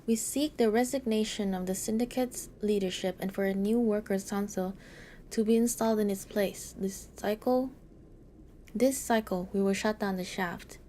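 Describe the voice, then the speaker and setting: A woman's voice: mid-range voice, moderate pace, warm tone, slight background noise, close to an everyday voice. A woman voicing a defiant strike leader with a put-on Mexican Spanish accent, reading game dialogue in a firm, commanding way.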